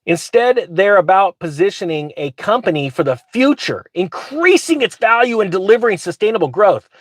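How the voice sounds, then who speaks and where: A grumpy, mocking man vents about banks from the driver's seat of his truck. His voice sits a little high for a man, and the sound is dry and close with no room echo. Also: very animated, normal speed. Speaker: finance vlogger reading news. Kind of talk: ranting commentary.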